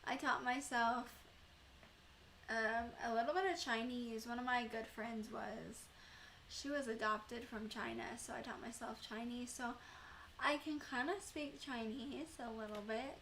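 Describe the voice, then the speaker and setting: A woman's voice: a little high, steady tone, unhurried, creaky, a bit bright, slight background noise. A young woman chatting casually with viewers on her live stream, rambling with lots of fillers.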